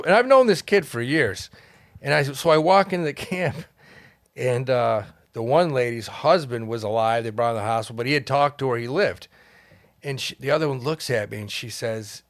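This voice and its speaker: A man telling a long story as a podcast guest, animated and profane, laughing as he goes. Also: mid-range voice, fairly quick, no echo, studio quality. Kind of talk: casual storytelling. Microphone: studio mic.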